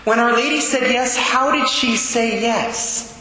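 A man's voice: very high-pitched, a little slow, bright, forceful tone, a little hiss or hum. A man giving a homily to schoolchildren, asking them questions as he teaches. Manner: asks the listeners questions as he teaches. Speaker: preacher teaching students. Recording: roomy echo, long reverb.

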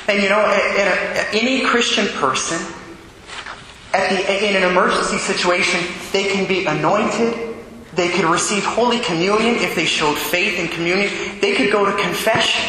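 A man's voice: high-pitched, sharp tone, a little hiss or hum. A man, a Catholic priest, telling a personal story in a homily, acting out his own thoughts and the dialogue. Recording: echoey hall with long reverb.

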